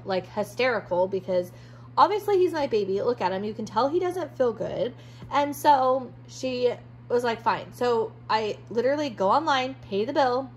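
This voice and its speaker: A woman's voice: mid-range voice, rough recording. Woman ranting storytime style, keeps doing the back and forth of who said what, faint hum behind. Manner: frustrated, quoting both sides of conversations. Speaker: dog owner telling a story. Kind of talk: casual storytime vlog.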